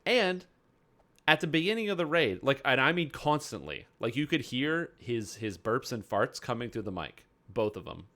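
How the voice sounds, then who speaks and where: A man's voice: medium pitch, big pitch swings, moderate pace, pushed and bright. A man chatting casually on his game stream, telling a rambling story full of fillers.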